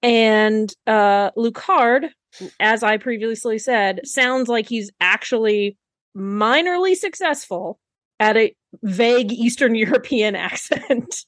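Higher-voiced giggly woman, dry sound. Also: takes it slowly, fairly bright tone, no room sound. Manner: giggly, enthusiastic. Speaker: podcast co-host. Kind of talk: casual chat recapping a TV episode.

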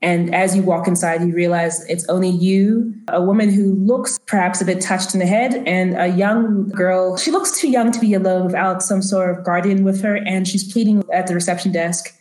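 A woman's voice: lowish voice, fairly even intonation, brisk, hardly any pauses, a little mellow. A woman narrating a tabletop role-playing game as game master, with a loose, descriptive manner full of fillers. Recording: roomy echo.

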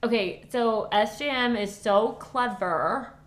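A woman's voice: on the high side, takes it slowly, reverberant. A young woman co-hosting a book podcast, chatting casually and giggly, full of filler likes and sometimes dropping to a whisper. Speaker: podcast co-host.

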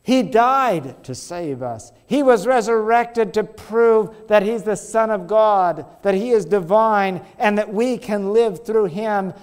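High-voiced man preaching a sermon. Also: smooth. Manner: storytelling, slows down for emphasis.

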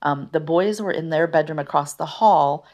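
A woman giving an earnest personal testimony, halting at times with restarts and fillers. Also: sits low, a little mellow. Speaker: guest sharing her story.

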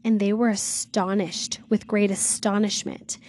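A woman hosting a devotional series reads scripture aloud, then puts it in casual slang, sounding earnest and awed and often saying "wow". Her mid-range voice is level and a little mellow, a bit slow, in a dry recording.

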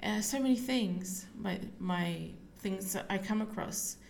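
A woman hosting a casual solo podcast, talking while lying down at home, relaxed and rambling with many fillers. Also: medium pitch, unhurried, vocal fry, a little hiss or hum. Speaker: podcast host and psychic medium.

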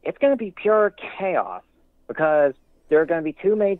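A man's voice: on the high side, big pitch swings, normal speed, dry recording. Guy calling in, rambly and emphatic, thin phone line, dead dry sound. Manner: rambling, many restarts, emphatic warnings. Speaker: caller. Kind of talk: casual call-in commentary.

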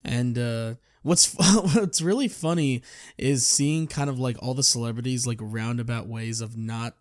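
A man's voice: medium pitch, unhurried, dry recording, clean studio sound. Rambling man hosting a solo podcast. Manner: rambling, self-correcting, chatty. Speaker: podcast host. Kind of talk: casual solo chat.

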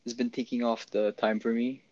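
A young man, a student and a guest, giving halting, hesitant answers in a casual chat. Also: medium pitch, level tone, darkish tone. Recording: dull, lo-fi sound.

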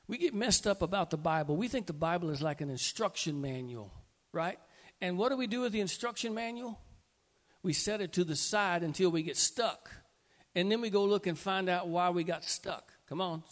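High-voiced impassioned preacher in an echoey hall. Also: male voice. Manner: impassioned, building to emphatic loud peaks. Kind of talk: sermon. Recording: echoey hall with long reverb.

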